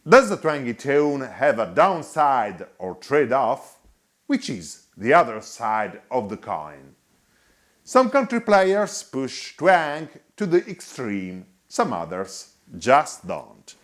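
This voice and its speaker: Slow, lively-pitched male guitar narrator. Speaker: guitar review host. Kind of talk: scripted voice-over narration.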